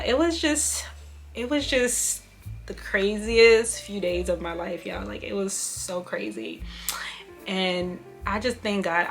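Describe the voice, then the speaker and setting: A woman's voice: on the low side, creaky, bright, forceful tone. A young woman talks straight to her viewers, telling a hard personal story in an open, emotional, unpolished way. She keeps addressing them as "you guys" and leans on "you know" as she goes. Faint music plays behind her. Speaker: vlogger. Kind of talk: casual storytelling to camera.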